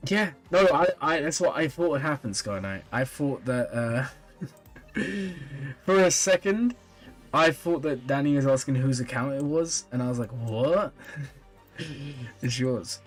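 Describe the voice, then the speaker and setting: A man's voice: mid-range voice, unhurried, faint music behind. Tired, chatty male streamer. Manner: relaxed, chatty, reads and answers chat comments with small laughs. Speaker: streamer reviewing viewers' game accounts. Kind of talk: casual live-stream chat.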